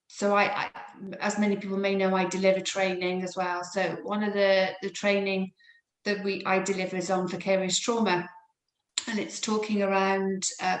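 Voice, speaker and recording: Reflective woman in an echoey room. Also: mid-range voice. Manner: reflective, searching, with many restarts. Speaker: therapist and trainer. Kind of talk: panel discussion.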